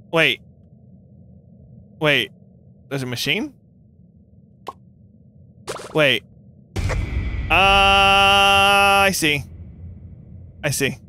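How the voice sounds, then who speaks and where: A young man giving playful, animated commentary while playing a game, with quick reactions and jokey cries of pain. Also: a little high, a little hiss or hum. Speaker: gaming YouTuber.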